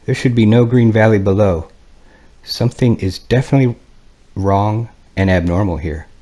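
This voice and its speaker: A man reading a first-person flight log and diary in a measured, grave manner. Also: on the low side, a little mellow. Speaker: narrator.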